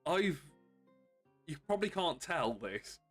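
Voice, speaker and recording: A man streaming games, chatting casually and more quietly than usual because of bruised ribs, chuckling often. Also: on the high side, slow pace, faint music behind. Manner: subdued, calmer than usual, with frequent chuckles. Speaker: game streamer. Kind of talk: casual live-stream chat.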